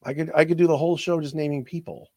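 Sports show host, man, slightly high voice, choked-up and halting, dry close mic. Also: steady tone, mellow, dry recording. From not from the area of the team he covers. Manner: halting, repeats words, voice cracks with emotion. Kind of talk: emotional sports show monologue.

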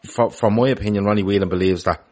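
A man co-hosting a casual football chat show, animated and opinionated, swearing freely. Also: on the low side, quick pace. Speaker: podcast co-host.

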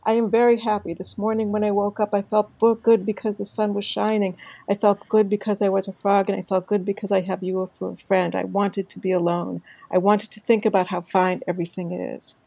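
A woman voicing Frog, a calm, contented male frog, reading aloud from a storybook in a gentle, reassuring way. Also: mid-range voice, a little fast, vocal fry, dry recording, rough recording.

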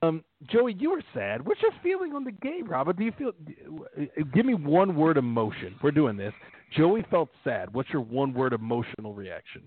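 A man's voice: on the high side, very animated, normal speed. A man co-hosting a sports podcast in a jokey, riffing way. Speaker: podcast co-host. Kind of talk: casual chat. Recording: phone-like line.

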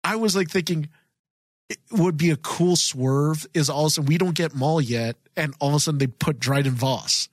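A man co-hosting a podcast in a casual chat, excited and rambling with frequent restarts. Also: fairly high pitch, normal speed, no echo. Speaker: podcast co-host.

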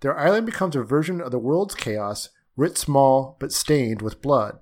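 A man hosting a film podcast over a video call, reading scripted intros with a wry, lively delivery. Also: medium pitch, a little slow. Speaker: podcast host.

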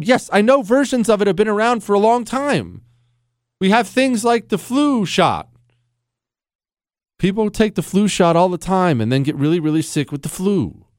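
A man's voice: fairly high pitch, no room sound, clean studio sound. A man hosting a talk radio show, ranting in an opinionated monologue with sarcastic, mocking asides.

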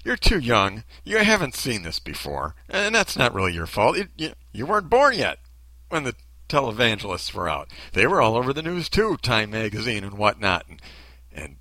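A man's voice: mid-range voice, huge pitch swings, normal speed, sharp tone, dry recording, low-quality recording. A man giving ranting commentary in a sarcastic, blunt way.

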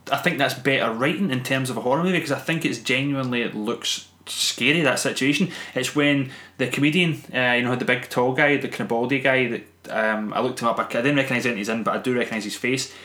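Man, quick rambling film chat, casual podcast co-host, echoey room. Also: medium pitch, pushed and bright. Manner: rambling, laughs often, many restarts.

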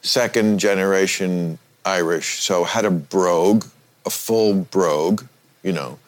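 A man in his sixties hosting a casual chat, wry and a little halting, often breaking into laughter. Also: low voice. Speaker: podcast host.

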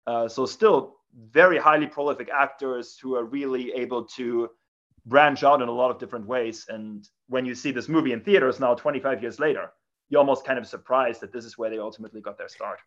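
A man guest on a film podcast speaks at a mid pitch. He sums up his thoughts in a measured way. His audio sounds dull and lo-fi, with the top end missing. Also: fairly bright tone. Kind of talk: casual film discussion.

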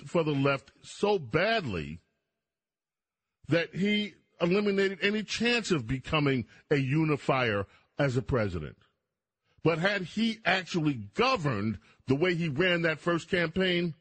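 A man's voice: fairly high pitch, a bit bright, husky. A man hosting a talk radio show, delivering an emphatic monologue straight to his listeners. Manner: emphatic, addresses listeners directly.

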